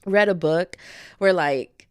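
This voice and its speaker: A woman's voice: fairly low pitch, slow pace, clean tone, no room sound. Gushing young woman podcaster, dry sound. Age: young adult. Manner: gushing, animated, heavy filler "like". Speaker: podcast host. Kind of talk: casual chat. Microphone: headphones on, podcast mic.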